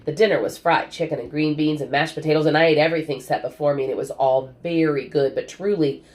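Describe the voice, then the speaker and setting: A woman reading a children's novel aloud in an even, storytelling way. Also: low-pitched, fast talker. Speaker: audiobook reader.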